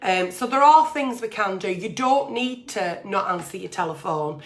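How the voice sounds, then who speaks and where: A woman's voice: medium pitch, animated, normal speed. A woman, hosting an agony-aunt livestream and giving blunt, sweary, plain-spoken advice. She talks in a chatty way, reading out letters and then answering them.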